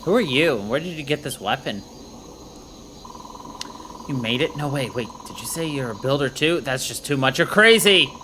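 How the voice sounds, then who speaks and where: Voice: medium pitch, expressive, normal speed, pauses often, background noise, close to an everyday voice. A streamer voicing a brash young female soldier with bubbly valley-girl slang, reading game dialogue aloud. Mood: excited.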